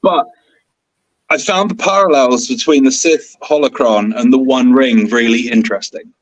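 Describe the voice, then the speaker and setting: A man co-hosting a podcast in casual chat, excitable and rambling, with bursts of enthusiasm. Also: mid-range voice, normal speed, dry recording, muffled recording. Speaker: podcast co-host.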